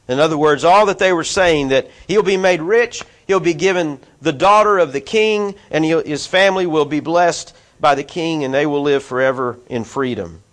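Male preacher with a fairly high voice who reads verses and explains them in a conversational way. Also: moderate pace, hardly any pauses. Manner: conversational, asides to listeners, voices quoted figures. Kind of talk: expository Bible teaching.

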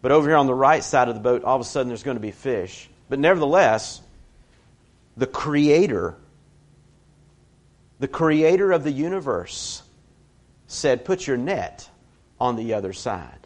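A man's voice: mid-range voice, lively intonation, unhurried, long pauses. A man preaching a sermon in a conversational way, telling stories with personal asides.

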